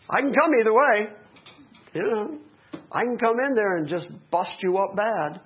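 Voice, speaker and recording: A middle-aged male pastor preaching a sermon, animated, with joking asides to the congregation. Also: high-pitched, moderate pace. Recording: dull lo-fi recording.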